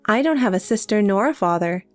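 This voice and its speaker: A synthetic woman's voice playing a calm, cold younger sister in a text story, with faint music behind. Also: mid-range voice, brisk, dry recording, lightly acted. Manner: cold, matter-of-fact.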